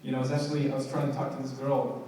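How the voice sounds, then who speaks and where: A young man performing conversational, self-deprecating stand-up comedy with halting fillers at a live show. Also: medium pitch, level tone, warm tone. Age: young adult. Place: large hall, live show. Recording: echoey hall from far off.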